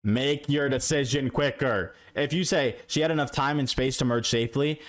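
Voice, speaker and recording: Guy streamer ranting at bad drivers, swears a lot, mid pitch. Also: moderate pace. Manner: profane, exasperated, talks straight to the drivers. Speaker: streamer reacting to dashcam clips. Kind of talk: casual reaction commentary.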